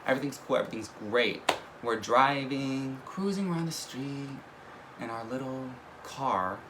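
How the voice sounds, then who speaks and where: A young man in the middle of a casual story, swearing freely and laughing between lines. His voice sits at an everyday middle pitch, and a steady hiss of background noise runs under the recording. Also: normal speed. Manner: animated, profane, laughs mid-story. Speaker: vlogger.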